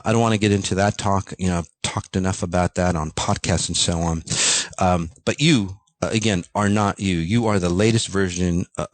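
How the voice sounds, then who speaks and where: A man with a very low, deep voice delivers a passionate monologue to his audience, ranting and swearing bluntly as he drives his point home. He keeps checking in with "okay?" and "you know", and the dry, close sound leaves almost no room echo. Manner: intense, ranting, speaks directly to listeners; frequent fillers and tag questions. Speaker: podcast host. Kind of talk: motivational monologue.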